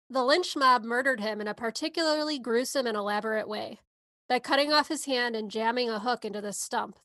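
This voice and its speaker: A woman's voice: a little high, a bit bright, no room sound. A woman podcast co-host giving a movie synopsis in a casual, sarcastic way. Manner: sarcastic, wry asides.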